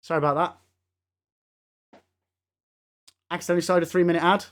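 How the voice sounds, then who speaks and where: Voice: medium pitch, little pitch movement, fairly quick. A game streamer chatting casually with live viewers, laughing often and swearing now and then.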